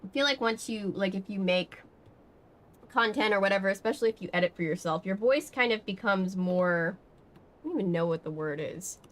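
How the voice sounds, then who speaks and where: In a medium-pitched voice and at a slightly fast clip, a Georgia woman with a light Southern accent rambles through a casual chat with her stream viewers. She's chatty, full of filler words and restarts.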